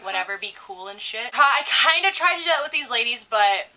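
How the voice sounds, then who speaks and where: Young female co-host, bright and punchy, profane, animated storyteller. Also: on the high side, brisk, poor audio. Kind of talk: casual chat.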